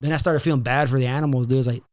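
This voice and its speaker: A man hosting a podcast, telling a story in a casual, profane, animated way and slipping in Spanish phrases. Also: mid-range voice, very fast. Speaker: podcast host.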